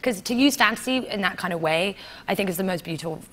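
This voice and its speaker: A woman, a talk show guest telling animated stories in a television studio and laughing often. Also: mid-range voice, fast. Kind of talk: casual chat.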